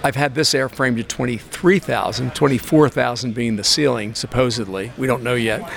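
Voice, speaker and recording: A man's voice: medium pitch, steady tone, normal speed, vocal fry, a bit bright, slight background noise. A man who owns and flies a small plane, giving matter-of-fact answers in an interview at an outdoor expo. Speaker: pilot and aircraft owner.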